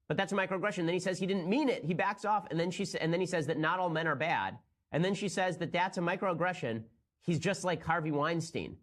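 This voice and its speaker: A man's voice: fairly high pitch, expressive, fast talker, fairly bright tone. A male commentator with a slightly raised voice rattles through his points at speed. He sounds mocking and incredulous as he delivers political commentary from a studio.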